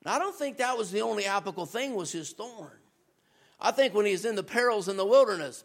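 A man with a very high, gravelly voice preaches a sermon as a visiting preacher. He talks to the congregation in a loose, conversational way and builds up to shouts. When he reads scripture, he drops lower and slows down. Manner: conversational and animated, rising to shouts. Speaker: guest preacher.

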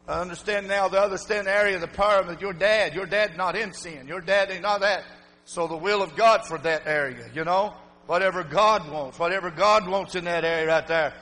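A middle-aged male preacher with a high voice delivers a sermon in plain, folksy speech. He drops into hushed storytelling and then climbs into shouted exhortation. His words ring out with a long reverb, as in a church sanctuary. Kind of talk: fiery sermon.

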